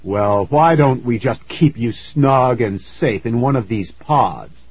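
A sinister ghost leader speaks slowly in a deep, coldly calm voice, with icy menace under polite words, as a man acts him out. There is a husky grain to the voice. The storybook recording sounds slightly muffled and dry. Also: dry recording, full character voice. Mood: coldly menacing. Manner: deep, slow, coldly smooth.

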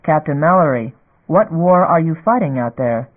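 A man's voice: a little high, expressive, moderate pace, lightly acted. Curt, demanding senior fleet commander in an audiobook, read by a man; tinny phone-like sound. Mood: stern. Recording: phone-like narrow band.

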